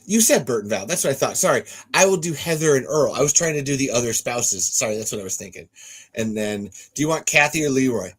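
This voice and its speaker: Man, casual podcast banter, bright tense voice, swears a lot, keeps correcting himself. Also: mid-range voice, animated, fast talker, slightly rough. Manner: rambling, self-correcting, swears freely. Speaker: podcast host and script narrator. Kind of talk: casual banter and script read-through.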